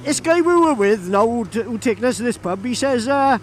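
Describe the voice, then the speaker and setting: A man's voice: very high-pitched, animated, a little fast, a little hiss or hum. A young Welsh man with a Welsh accent, chatty and laughing as he tells a story casually, outdoors by a road. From Wales. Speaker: vlogger. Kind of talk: casual anecdote.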